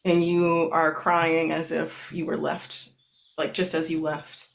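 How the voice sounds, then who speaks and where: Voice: medium pitch, monotone, takes it slowly, creaky. A game master narrating a tabletop game in a loose, rambling way with many fillers.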